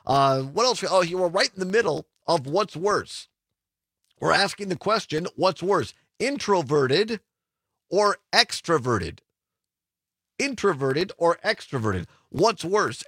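Male radio host, chatty and upbeat, a touch high, close dry mic. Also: fairly bright tone, no echo. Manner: upbeat, laughs easily, reads phone numbers slowly. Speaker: radio talk show host. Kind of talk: casual radio talk.

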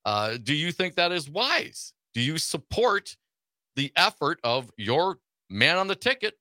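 A man's voice: on the high side, sharp tone, no echo. A man co-hosting a casual political talk radio show, laughing often and reading news items aloud. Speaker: radio co-host.

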